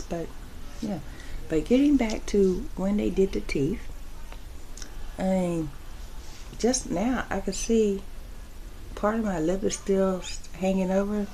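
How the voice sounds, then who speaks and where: A woman's voice: medium pitch, mellow, slight background noise, poor audio. A woman vlogger chatting casually to camera, rambling from topic to topic, laughing often and acting out what other people said. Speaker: soap-making vlogger.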